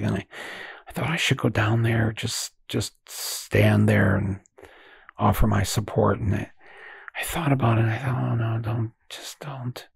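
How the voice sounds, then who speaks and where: Impassioned older man, gravelly and husky. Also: fairly low pitch, no room sound, clean studio sound. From United States. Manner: impassioned, swinging from loud outbursts to hushed, halting reflection. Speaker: podcast host. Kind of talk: emotional monologue.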